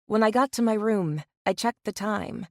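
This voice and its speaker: A woman reading a first-person romance audiobook in an even, measured way into a close mic. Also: mid-range voice, dry recording. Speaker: audiobook narrator. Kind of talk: first-person scripted narration.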